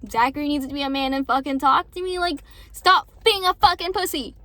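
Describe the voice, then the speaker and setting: A woman's voice: sits high, a little fast, fairly bright tone, dry recording. A young woman venting to her viewers in a rambling, casual way, swearing often and then apologizing. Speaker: vlogger.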